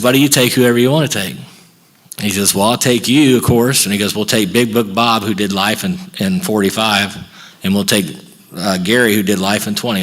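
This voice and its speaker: A middle-aged man with a somewhat low voice shares his story at a recovery workshop. He talks in a folksy, storytelling way and acts out both sides of each conversation. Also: fairly bright tone. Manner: folksy, acts out dialogue with quick back-and-forth. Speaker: recovery meeting speaker. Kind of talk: personal storytelling talk at a workshop.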